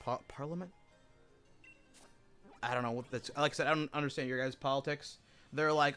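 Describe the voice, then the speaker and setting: A man's voice: medium pitch, fairly even intonation, a little fast, pauses often, a bit bright, clear, resonant tone, soft background music. A man streaming while gaming, ranting in a heated, swearing way, full of "like" and "it's like" fillers. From United States. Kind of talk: casual rant while gaming.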